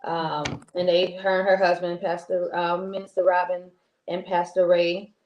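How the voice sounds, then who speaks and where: A woman's voice: lowish voice, little pitch movement, a little slow, lo-fi sound, a little hiss or hum. A woman co-hosting a casual talk show, rambling and chatty with many restarts. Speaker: co-host. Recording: roomy echo.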